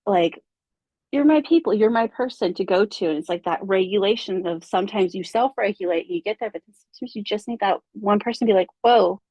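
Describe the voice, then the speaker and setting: A woman's voice: mid-range voice, a little fast, warm tone, dry recording. A woman guest on a podcast, chatting casually and telling an emotional story with animation. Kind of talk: casual chat.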